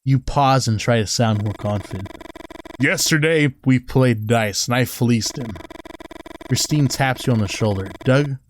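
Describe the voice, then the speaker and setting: A man reads a story game's text aloud at an unhurried, drawn-out pace, his pitch sitting in an ordinary middle range. He keeps breaking off to swear and mock the characters, with a faint hiss of noise underneath. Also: low-quality recording. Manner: profane, swears often and mocks the characters. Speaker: let's play gamer. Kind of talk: reading a story game aloud with commentary.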